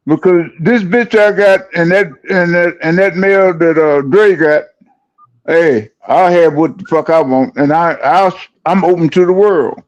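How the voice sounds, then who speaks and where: An older man in casual chat, gruff and blunt, swearing freely and cutting in with short remarks. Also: on the high side, measured pace, lo-fi sound. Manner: gruff, cursing, blunt interjections.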